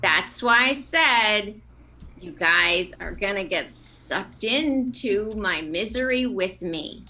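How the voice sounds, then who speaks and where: A woman comic finishing a stand-up set over a video call, with slow, deadpan delivery. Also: mid-range voice.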